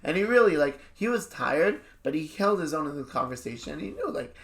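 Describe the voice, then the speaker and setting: A man, a rabbi, co-hosting a podcast and telling an animated anecdote in casual chat, slipping into quick voice impressions. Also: fairly high pitch, creaky.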